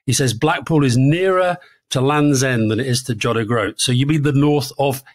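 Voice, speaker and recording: A man's voice: medium pitch, normal speed. A British man co-hosting a political podcast in a casual, conversational way, often repeating words as he thinks aloud. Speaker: podcast co-host.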